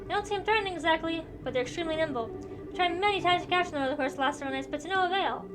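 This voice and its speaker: A woman's voice: extremely high pitch, racing, background noise. Woman reading as a worried farmer man. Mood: earnest. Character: worried middle-aged male farmer.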